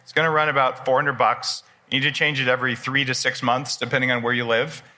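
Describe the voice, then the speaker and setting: A man's voice: mid-range voice, flat delivery, fast talker, pushed and bright. A man in his forties speaking before a live audience at a personal development expo, casual and enthusiastic, joking with the crowd. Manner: enthusiastic, conversational, jokes with the audience. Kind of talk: live conference talk.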